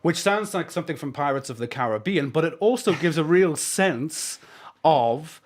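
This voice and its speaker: A man's voice: fairly high pitch, animated, normal speed. A man hosting a radio interview, asking long, chatty questions with frequent restarts. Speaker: radio host.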